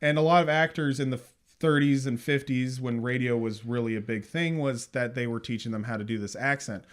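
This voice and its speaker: A man co-hosting a film review podcast in casual chat, animated and acting out movie lines in mock voices. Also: mid-range voice, fairly quick.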